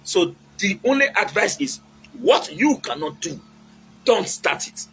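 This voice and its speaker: A man's voice: high voice, big pitch swings, a little slow, fairly bright tone, a little hiss or hum, rough recording. A man with a Nigerian accent giving casual, preachy relationship advice, mixing in Pidgin and acting out quotes.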